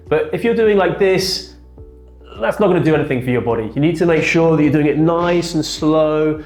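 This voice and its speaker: A man's voice: fairly high pitch, expressive, brisk, darkish tone. A man, a chiropractor, explaining and demonstrating back exercises in a treatment room. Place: treatment room with a firm bed. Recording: echoey room, faint music.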